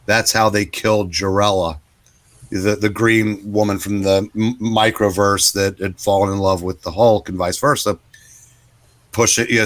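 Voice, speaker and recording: A man in his sixties, co-hosting a comic book podcast, retelling a story at length in a relaxed, casual way. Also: deep voice. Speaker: podcast co-host.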